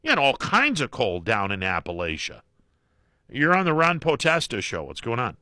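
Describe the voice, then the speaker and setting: Bright, animated male talk radio host. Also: medium pitch, normal speed, dry recording, studio quality. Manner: jokey, folksy, interjecting.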